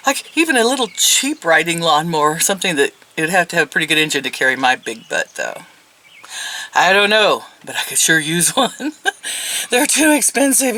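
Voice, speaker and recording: A woman's voice: on the low side, pushed and bright, a little hiss or hum, low-quality recording. A woman in her sixties chatting casually at home, rambling and chuckling often. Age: 60s. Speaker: vlogger. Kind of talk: casual chat.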